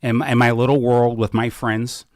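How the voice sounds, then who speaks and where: A man hosting a podcast, talking about politics in a fervent way and building up to slow, emphatic declarations from a small studio. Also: medium pitch, flat delivery, no echo. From Washington State. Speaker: podcast host. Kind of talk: impassioned political talk.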